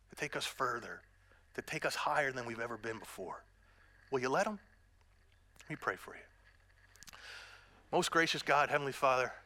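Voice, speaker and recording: A man's voice: medium pitch, pushed and bright. A middle-aged man preaching a sermon as pastor, earnest and direct with the congregation, mixing in self-deprecating humor.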